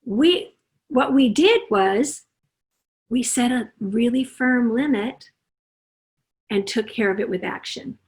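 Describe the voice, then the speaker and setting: A middle-aged woman with a high-pitched voice gives a parenting summit talk over a video call as a parenting consultant. She speaks slowly with long pauses, yet animatedly, slipping into the voices of parents and children for her examples.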